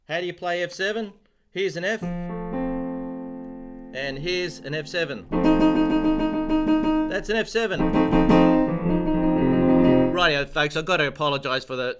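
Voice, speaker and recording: A man teaching a casual live-stream piano lesson, chatty and self-deprecating, chanting rhythms aloud, his voice a little rough with throat-clearing and coughs. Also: a little high, bright, forceful tone. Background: piano playing.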